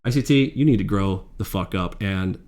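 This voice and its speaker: A man hosting a trading channel, delivering a heated, indignant commentary rant that swings from loud mockery to low muttering. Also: moderate pace. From Mexican heritage.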